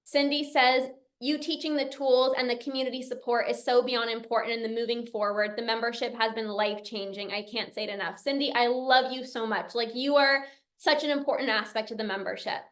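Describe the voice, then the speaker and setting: Young woman coach giving a pep talk, high voice, earnest and a bit emotional, keeps repeating herself for emphasis. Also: steady tone, fairly quick, a bit bright. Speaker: binge eating coach and podcast host. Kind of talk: motivational talk, reading out member comments.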